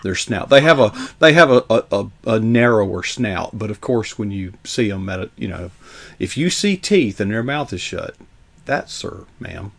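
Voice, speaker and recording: Man host, gravelly fry in the voice, rambling casual storyteller. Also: on the low side, very animated, normal speed. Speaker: show host. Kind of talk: casual interview chat.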